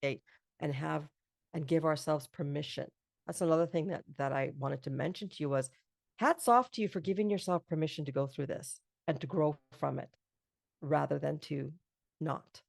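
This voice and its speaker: Woman podcast host, middle-aged, low voice, gravelly edge, earnest and affirming. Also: moderate pace, no echo, studio quality. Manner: earnest, affirming, talks in long reflective runs. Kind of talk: casual interview chat.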